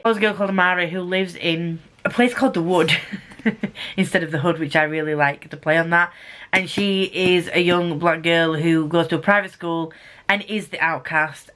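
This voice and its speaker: A woman's voice: on the low side, fairly bright tone. A young woman chatting casually and enthusiastically about books she read, with playful asides. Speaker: book vlogger. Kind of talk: casual book wrap-up chat.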